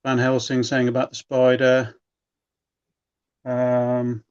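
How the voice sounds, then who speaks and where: Male co-host, casual and apologetic, mid-pitched voice, slightly dull audio. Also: completely flat delivery, slow pace, pauses often, darkish tone, clean tone. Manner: apologetic, chatty storyteller. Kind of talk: casual live-stream chat.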